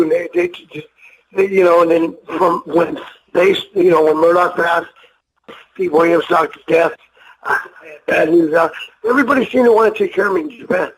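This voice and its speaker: Heard on a poor recording with faint background noise, an older former wrestler talks in a slightly high voice. His interview stories are loose, emotional, and laced with profanity, and he performs the voices of everyone involved.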